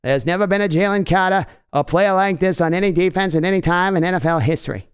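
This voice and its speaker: Guy doing a big speechy boston politician, smooth voice, all grand. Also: high-pitched, fast talker, voice pushed up, lightly acted. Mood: grandiose. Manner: sweeping, oratorical. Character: grand old-fashioned male Boston politician.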